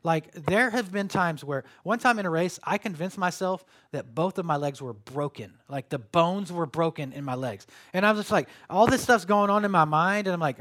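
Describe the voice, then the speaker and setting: Animated male pastor preaching. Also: high-pitched, normal speed, hardly any pauses. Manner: animated storytelling with sudden loud bursts and quiet drops. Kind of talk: sermon.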